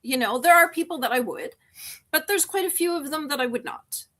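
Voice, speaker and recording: A woman's voice: high voice, lively intonation, a little fast, bright, forceful tone. Candid middle-aged woman, rambling. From Canada. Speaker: live-stream host. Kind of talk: casual live-stream chat.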